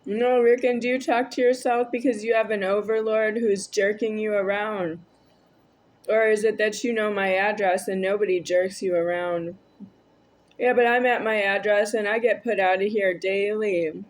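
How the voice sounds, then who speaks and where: A woman's voice: medium pitch, fairly even intonation, moderate pace. A woman vlogging a rambling, argumentative monologue to camera, addressing an unseen listener.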